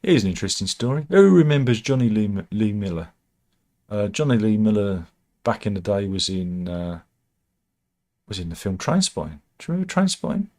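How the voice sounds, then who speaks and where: A man's voice: on the low side, lively intonation, brisk, a little mellow. A man from the UK, hosting a casual news chat, reading out headlines with wry, sarcastic asides and frequent restarts.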